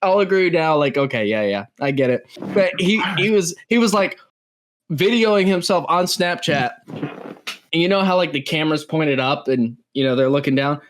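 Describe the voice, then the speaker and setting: A man's voice: a little high, animated, moderate pace, slight background noise. A man co-hosting a podcast, telling a story in casual chat and laughing often. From California. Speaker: podcast co-host.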